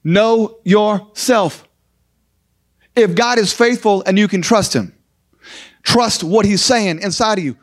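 Male preacher, high-pitched, emphatic sermon delivery with repeated punches. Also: slow, long pauses.

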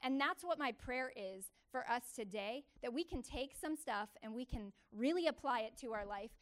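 At a normal speed and fairly high pitch, a woman shares her testimony as a sermon before a church gathering. She speaks as a church speaker, repeating herself emphatically and with animation.

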